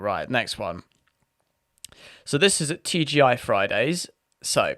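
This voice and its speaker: A man's voice: medium pitch, fairly bright tone, clear, resonant tone, no echo, studio quality. A man hosting his own video, chatting casually and laughing as he reads out posts. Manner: amused, laughs often, chatty with many restarts. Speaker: vlog host. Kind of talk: casual commentary reading posts aloud.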